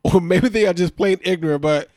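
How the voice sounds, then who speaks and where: Higher-voiced guy on a podcast, super lively, laughs a lot, slangy, dry room sound. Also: brisk, no room sound. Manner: animated, exasperated, laughs often, slangy. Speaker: podcast co-host recapping a reality show. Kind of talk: casual chat.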